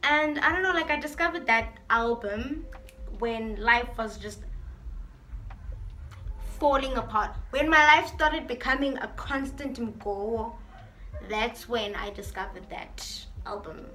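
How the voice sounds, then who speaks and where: A woman's voice: a little high, measured pace, bright, forceful tone. A woman vlogger chatting casually through a get-to-know-me Q&A, reading out each question and answering it in a playful, talkative way.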